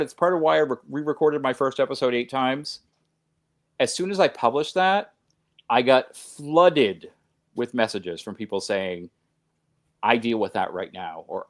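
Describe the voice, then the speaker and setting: A man speaking as a podcast guest, earnest and emphatic, talking in long run-on sentences with restarts. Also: mid-range voice. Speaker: podcast guest, host of his own show. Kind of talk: conversational podcast talk.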